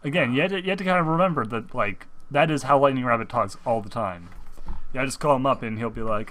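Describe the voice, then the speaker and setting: A man's voice: medium pitch, fast talker, a bit bright. An American man co-hosting a podcast, riffing in casual comedic chat with a mock-patriotic, joking manner. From United States. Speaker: podcast co-host.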